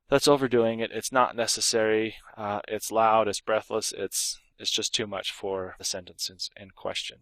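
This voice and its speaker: A man's voice: lowish voice, flat delivery, moderate pace, few pauses, a bit bright, no room sound. A man teaching a grammar lesson, explaining punctuation and reading example sentences aloud, with occasional fillers and restarts. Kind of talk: recorded lesson.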